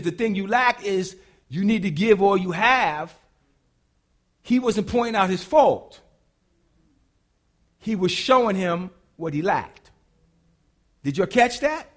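A high-pitched male pastor delivers a sermon full of lively, playful energy, acting out little voices for the people in his stories. He's colloquial and humorous, tossing quick asides to his listeners.

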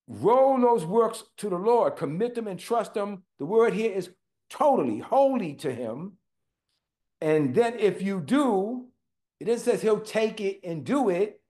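A man preaching a sermon, emphatic, slowing down on key words and talking directly to his listeners. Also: sits high, darkish tone. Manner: emphatic, slows for stress, talks to listeners directly.

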